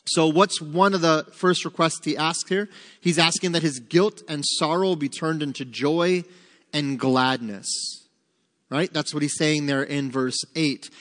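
A man's voice: on the high side, fairly bright tone, big-room sound. A man leading a Bible study, asking his listeners questions and then answering them himself. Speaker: Bible teacher. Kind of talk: interactive Bible study teaching.

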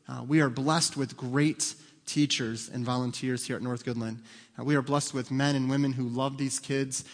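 A man in his thirties speaking as senior pastor, chatty and self-deprecating, joking with his congregation. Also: mid-range voice. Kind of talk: casual sermon talk. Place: church sanctuary. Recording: long reverb of a church hall.

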